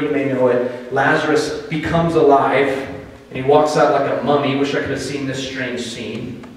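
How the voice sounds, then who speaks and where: An American man preaching a sermon as pastor, telling the story in a conversational, animated way with dramatic pauses. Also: fairly high pitch. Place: church sanctuary. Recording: echoey hall, distant mic.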